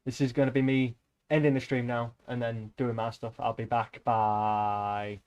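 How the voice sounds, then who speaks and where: A man's voice: mid-range voice, flat delivery, moderate pace, a little mellow, clear, resonant tone, highs cut off. A young man streaming, chatting to viewers in a rambling, offhand way and swearing casually. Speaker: livestreamer.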